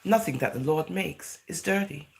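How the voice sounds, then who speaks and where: An Englishwoman with a low, gravelly voice talks to the camera at a normal speed in a chatty, rambling vlog monologue. She peppers her speech with "you know" and "right?" and drifts into Jamaican-style phrasing.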